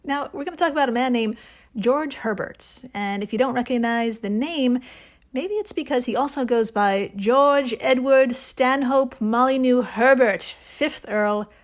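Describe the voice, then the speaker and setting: A woman's voice: high voice, measured pace. A woman hosting a podcast, telling a story in casual chat, laughing and swearing as she goes. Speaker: podcast host.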